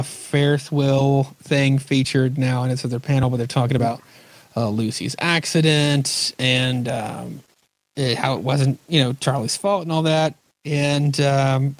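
A man hosts a relaxed podcast chat, walking through a comic's scenes in a loose, rambling way. His voice sits at a medium pitch. It is recorded dry and close to the mic. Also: no room sound. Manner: rambling, recaps scenes, acts out quoted lines. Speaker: podcast host. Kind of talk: casual chat about comics.

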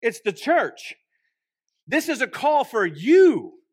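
A young man from Texas with a Texan accent preaching a sermon, joking and swinging between loud bursts and hushed asides. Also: extremely high pitch, sing-song, takes it slowly, no echo, studio quality. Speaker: pastor. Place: church.

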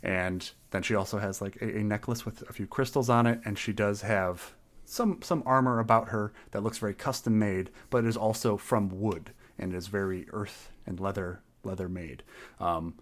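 A man's voice: fairly low pitch, steady tone, moderate pace. A man playing a tabletop game, describing his character in a rambling, hesitant way. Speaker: player.

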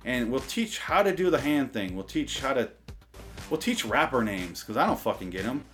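A man's voice: medium pitch, big pitch swings, normal speed, a bit bright, soft background music. A man reading a sarcastic comic rant, then rambling off-script, swearing and mocking himself with lots of restarts. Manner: self-deprecating, stumbles and restarts. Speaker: comedy podcaster reading a bit.

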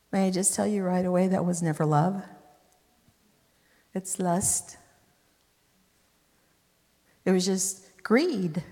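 Slow emphatic woman preacher in a hall. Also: mid-range voice, mellow. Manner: emphatic, conversational asides. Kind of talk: sermon retelling scripture. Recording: long hall reverb.

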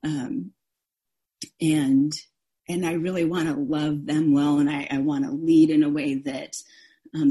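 A woman's voice: low voice, mellow, husky. A woman pastor giving a sermon, earnest and openly vulnerable, often restarting her sentences. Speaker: interim co-pastor.

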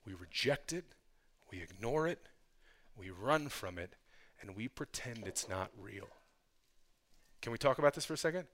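A male pastor preaching a sermon in a conversational style, with casual asides to the congregation, swinging between hushed passages and loud, fervent ones. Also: on the low side, lively intonation, moderate pace, pauses often.

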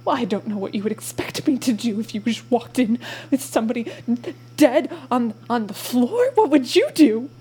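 A man's voice: extremely high pitch, animated, moderate pace, warm tone, breathy edge, full character voice. A woman voicing a nervous male dragonborn professor who stammers and gets defensive.

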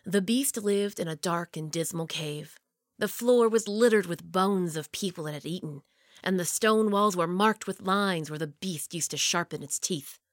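A woman reading a children's story aloud, expressive and dropping low and quiet for the tense parts. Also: moderate pace, no echo, clean studio sound.

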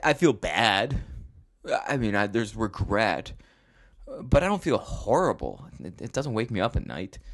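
A man hosting a podcast in casual chat, rambling and joking at his own expense with frequent restarts. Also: lowish voice. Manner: rambling, self-mocking, with restarts. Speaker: podcast host.

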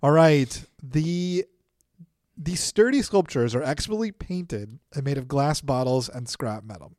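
Co-hosting a faith podcast in a studio, a man chats casually, bantering and laughing often at his own jokes. His fairly high voice has lively intonation and a darkish tone, at a slightly slow pace on a dry recording.

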